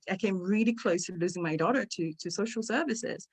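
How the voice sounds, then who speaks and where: A woman's voice: medium pitch, a little fast, slightly rough. A middle-aged woman, a guest speaker on an online talk, earnestly telling a personal story and repeating words when it gets emotional. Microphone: video call microphone.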